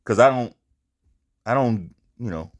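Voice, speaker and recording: A man hosts a casual commentary show with blunt, profane talk. He repeats his points for emphasis and keeps an ordinary, mid-pitched voice. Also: expressive, measured pace. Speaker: commentary channel host.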